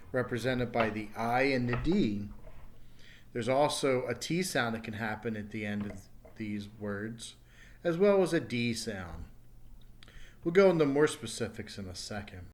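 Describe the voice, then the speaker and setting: A man teaching an English pronunciation lesson and saying his example words slowly and carefully. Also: mid-range voice. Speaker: ESL teacher.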